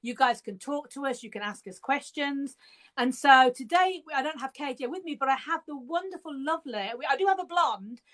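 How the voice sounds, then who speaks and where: A woman's voice: high-pitched, lively intonation, brisk, fairly bright tone. A British woman hosting a live interview over a video call, chatty and bubbly, laughing often and sometimes trailing off mid-sentence. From England. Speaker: podcast host.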